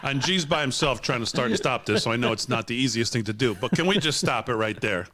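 A man's voice: medium pitch, expressive, fast talker, pushed and bright. A man hosting a talk show, giving heated, scornful political commentary and laughing often.

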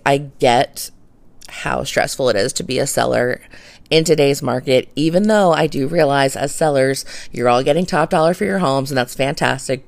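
A woman's voice: low voice, gravelly, no echo. A woman who works as a realtor tells a funny story on her podcast in a chatty, rambling way, full of fillers and laughter. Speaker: podcast host. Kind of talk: casual storytelling monologue.

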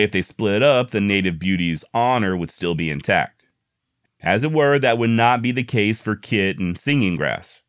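A man's voice: on the low side, fairly bright tone, smooth, no echo, clean studio sound. A man narrating frontier history in a casual, folksy way with wry asides. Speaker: history storyteller.

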